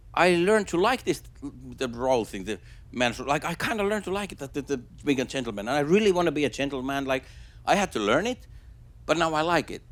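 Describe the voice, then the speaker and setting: A man doing a stand-up comedy set on stage before a live audience. He talks haltingly, with many restarts and fillers. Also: on the high side. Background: audience laughter.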